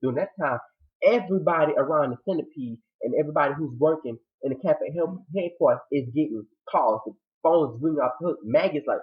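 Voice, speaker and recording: A man recapping a TV drama episode in a casual, animated retelling, acting out the characters' lines and his own reactions. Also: on the high side, brisk. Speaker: TV show reviewer. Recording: tinny phone-like audio.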